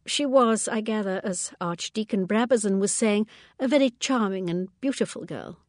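A woman voicing a gentle, probing elderly lady sleuth. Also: mid-range voice, moderate pace, no room sound, clean studio sound, voice pushed up, lightly acted. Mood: mild, probing. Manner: mild, probing, polite questions. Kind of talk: audiobook character reading.

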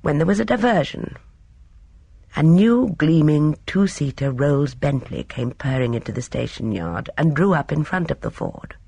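A woman reading a novel aloud as a narrator, in measured storytelling. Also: deep voice, lively intonation, creaky, mellow, breathy edge, dry recording. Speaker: audiobook narrator. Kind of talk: scripted narration.

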